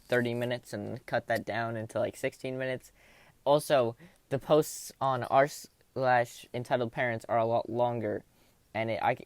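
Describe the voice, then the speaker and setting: A young man rambles through online posts in a casual, self-mocking way, laughing at his own slips. His voice sits at an ordinary middle pitch and is recorded close up in a dry, dead room. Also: no room sound. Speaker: YouTuber reading Reddit posts. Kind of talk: casual commentary on reading posts.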